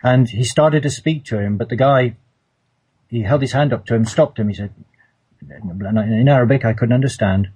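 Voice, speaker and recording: A man's voice: mid-range voice, normal speed, a little mellow, husky, low-quality recording. A man telling a personal story in a casual, hesitant way, often repeating words and restarting. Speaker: storyteller recounting a personal trip.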